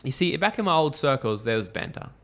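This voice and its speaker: Fast-talking man telling stories. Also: a little high, creaky. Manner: animated storyteller, acts out quotes, swears freely. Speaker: podcast guest. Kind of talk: casual podcast conversation.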